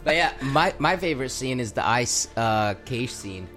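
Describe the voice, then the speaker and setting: A man co-hosting a podcast, chatting casually about a movie in a rambling, excitable way with plenty of swearing. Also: mid-range voice, moderate pace, over loud music. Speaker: podcast co-host. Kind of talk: casual chat.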